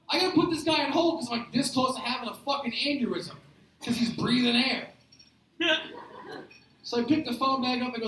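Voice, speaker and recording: A man's voice: very high-pitched, fairly quick, pauses often, pushed and bright, slight background noise. A man doing a stand-up comedy set, telling rambling, profane stories at a live show. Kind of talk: stand-up storytelling. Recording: echoey room picked up from a distance.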